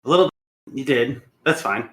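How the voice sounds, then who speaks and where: Man, co-host, stuffy with a cold, bright edgy voice, jokey casual chat. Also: mid-range voice, animated, a little fast. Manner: eager, jokey. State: congested from a cold. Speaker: podcast co-host.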